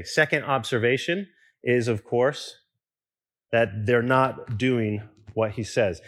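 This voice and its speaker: A young man preaching a sermon in a relaxed, conversational way, with restarts and asides to the congregation. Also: mid-range voice, a little slow. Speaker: pastor.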